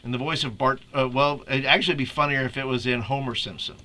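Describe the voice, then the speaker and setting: Guy walking youth leaders through a tutorial, bright voice, chatty, laughs a lot. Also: medium pitch, steady tone, fast talker, slight background noise. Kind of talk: casual screen-share tutorial.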